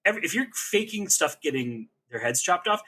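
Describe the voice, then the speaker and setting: A man's voice: a little high, brisk, breathy edge. A man co-hosting a TV recap podcast, talking in a rambling, joking, casual way. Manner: animated, rambling, joking asides. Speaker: podcast co-host.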